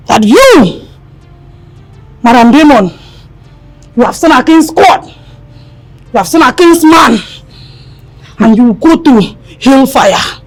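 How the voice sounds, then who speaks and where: A woman's voice: sits high, exaggerated voice. An actress with a Nigerian accent playing a devout, dramatic young housemaid who wails and preaches at her employer. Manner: wailing outbursts, preachy, mixes in Pidgin. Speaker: maid.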